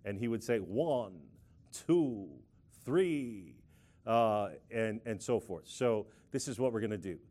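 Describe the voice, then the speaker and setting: A middle-aged man preaching a lively sermon, playfully leading the congregation in call-and-response and prayer. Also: on the low side, normal speed, few pauses.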